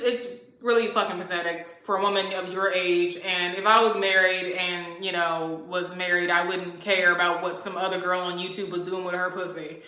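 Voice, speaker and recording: A woman's voice: medium pitch, sharp tone. A young woman venting angrily to her camera, heated and profane, hammering her points with emphasis. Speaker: vlogger. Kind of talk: angry venting rant to camera. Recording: echoey room.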